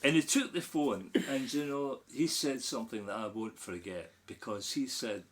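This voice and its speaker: A man's voice: mid-range voice, moderate pace, a little hiss or hum. A middle-aged Scottish man, a podcast guest chatting casually and telling an anecdote with growing animation. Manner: animated storyteller, laughs while telling anecdotes. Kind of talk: casual storytelling chat.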